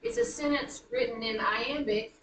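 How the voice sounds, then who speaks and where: A woman teaching a high school writing class, chatty and self-correcting as she taps out rhythms aloud. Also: animated, moderate pace, fairly bright tone. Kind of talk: classroom lecture. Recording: roomy classroom from a distance, faint noise.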